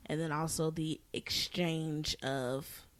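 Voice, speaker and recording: A woman with a slightly low voice co-hosts a faith podcast. She explains ideas earnestly, talking fast and catching her own slips as she goes. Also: steady tone. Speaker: podcast co-host. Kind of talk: casual faith podcast chat.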